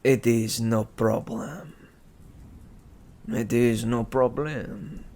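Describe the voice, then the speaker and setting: A man voicing a pompous male demigod with a put-on, bad French accent, speaking slowly and smugly. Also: medium pitch, vocal fry, a little mellow. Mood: smug flirting. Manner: slow, smug, drawn-out delivery.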